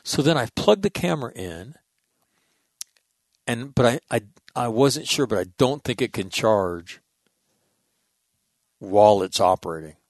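A middle-aged man hosting, telling stories in a rambling, animated way with lots of restarts and casual swearing. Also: medium pitch, a little slow, pauses often, no echo. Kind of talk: casual storytelling monologue.

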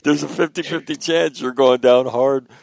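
A man hosting a casual conversation, talking haltingly with many fillers and laughing often. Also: mid-range voice, fairly even intonation, creaky. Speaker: podcast host.

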